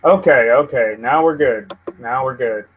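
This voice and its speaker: On his live news stream, a host rambles casually, swears, and vents at his computer out of frustration. His mid-range voice is a little slow, heard through phone-quality sound with a slight hiss or hum.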